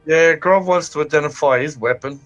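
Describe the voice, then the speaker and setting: A man playing a tabletop game, easygoing, with quick agreeable replies. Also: fairly high pitch, a bit bright, lo-fi sound, faint music behind. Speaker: player. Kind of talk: casual tabletop game chat.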